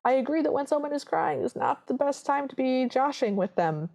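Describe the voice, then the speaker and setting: A woman's voice: high voice, a little fast, vocal fry. A woman co-hosting a podcast, chatting casually as she retells scenes and acts out the characters' lines. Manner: animated storyteller, acts out quoted lines. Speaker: podcast co-host. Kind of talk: casual chat recapping a film.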